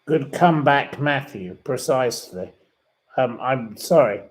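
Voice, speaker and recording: Slow-talking indignant man. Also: mid-range voice, animated, low-quality recording. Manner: indignant and plummy, repeats himself. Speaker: livestream host. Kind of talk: casual live chat reading viewer comments. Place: sitting room.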